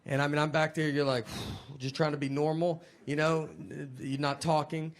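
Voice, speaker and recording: A man doing stand-up comedy, telling rambling, self-deprecating stories in a deadpan way. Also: on the high side, normal speed.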